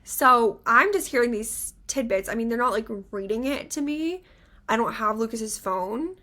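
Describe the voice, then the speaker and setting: A woman's voice: on the high side, moderate pace. A young adult woman co-hosting a podcast, telling a story in casual chat, acting out quotes and saying "like" often. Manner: animated storyteller, acts out quotes, many "like" fillers. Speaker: podcast co-host.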